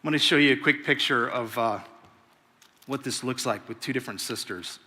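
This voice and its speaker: A male pastor giving a sermon in an animated, conversational way and acting out the people in the story. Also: mid-range voice, fairly quick. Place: large church hall. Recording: long reverb of a big church hall.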